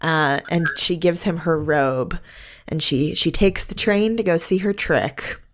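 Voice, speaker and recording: A woman hosting a podcast, casually recapping a film and laughing often as she talks. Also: on the low side. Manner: laughs often while recapping, relaxed drawn-out phrasing. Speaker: podcast host.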